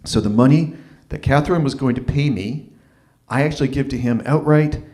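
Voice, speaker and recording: A man telling a personal story live at an open mic, casual and self-deprecating. He restarts phrases as he goes, in a middle-pitched voice. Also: brisk, a little mellow.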